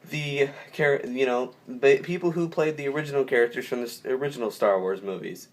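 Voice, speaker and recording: A young man gives a casual spoken movie review, loose and unscripted, full of enthusiasm and superlatives. He rambles, often backing up to restart a sentence, and his voice sits at an ordinary middle pitch.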